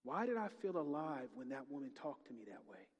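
A middle-aged male pastor preaching a sermon, swinging from hushed, prayerful murmurs to loud, excited exclamations. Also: mid-range voice, fairly quick, slightly rough, big-room sound.

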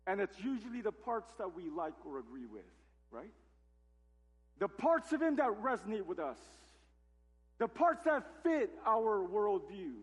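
A man's voice: high voice, husky. A man preaching a sermon as pastor, emphatic and full of rhetorical questions, in a church sanctuary. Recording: long hall reverb.

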